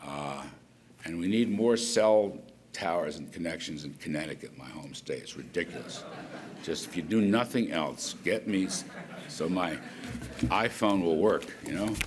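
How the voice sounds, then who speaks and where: A man's voice: low voice, expressive, unhurried. An older man giving an off-the-cuff policy speech as a government economic official, rambling with folksy asides. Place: conference hall at an event.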